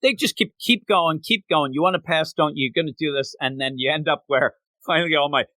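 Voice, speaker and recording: A man hosting a podcast, recapping a manga chapter in a lively casual chat and laughing often. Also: fairly high pitch, brisk, dry recording. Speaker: podcast host.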